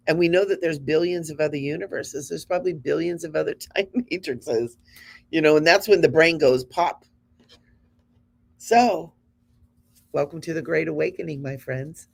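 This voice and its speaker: Earnest woman in her fifties, gravelly. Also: deep voice. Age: 50s. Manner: earnest, encouraging, conversational. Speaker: spiritual show host. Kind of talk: spiritual talk to the audience.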